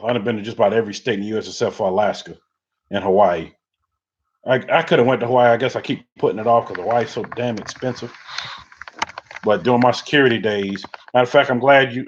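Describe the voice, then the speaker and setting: Middle-aged male streamer, casual rambling storyteller, average pitch, dull lo-fi audio. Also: a little hiss or hum. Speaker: livestream host. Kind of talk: casual chat reading viewer comments.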